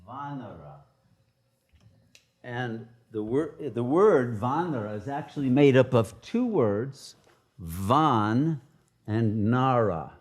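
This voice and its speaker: A man giving a spiritual retreat teaching, halting, with many filler pauses. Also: mid-range voice, big pitch swings.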